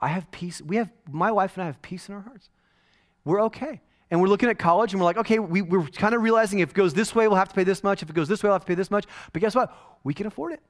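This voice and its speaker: A man's voice: sits high, fast. A man in his forties preaching a casual, joking sermon as a pastor in a church, with mock-quoted asides. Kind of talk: conversational sermon.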